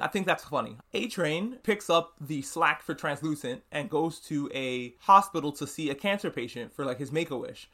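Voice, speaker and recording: A man hosting a podcast, recapping a TV episode in casual, animated chat and swearing freely. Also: fairly high pitch, fairly quick, few pauses. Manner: animated, swearing, acts out characters' lines. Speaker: podcast host.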